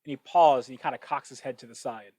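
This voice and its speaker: A man hosting his own podcast, thinking out loud in a casual monologue with many restarts and asides. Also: medium pitch, fast, no room sound, rough recording. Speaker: podcast host. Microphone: cheap microphone. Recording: dry, close cheap-mic sound.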